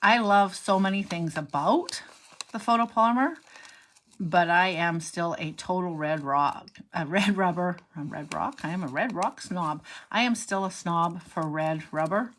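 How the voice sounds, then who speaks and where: Unhurried and on the low side, this middle-aged woman's slightly bright voice comes with a touch of hiss or hum. She's a stamping instructor giving a live card-stamping demonstration, rambling, cutting herself off, and muttering to herself while she works.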